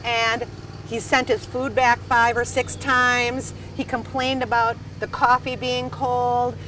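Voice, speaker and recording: A woman from Wisconsin, a restaurant dining room manager, telling stories in a lively, emphatic casual chat. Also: a little high, slow pace. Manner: animated, emphatic storyteller. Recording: slightly distant mic, faint background noise.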